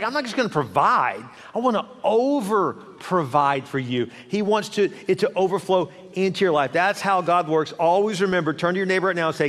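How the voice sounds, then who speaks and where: A man preaching a sermon as pastor, animated, acting out quoted voices of God and the congregation. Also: high-pitched. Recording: long hall reverb.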